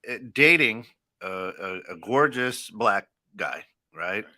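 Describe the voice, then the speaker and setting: Low-voiced, halting American man. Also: lively intonation, pushed and bright, dry recording, clean studio sound. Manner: halting, many fillers and restarts, laughs often. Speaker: co-host. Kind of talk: casual radio talk.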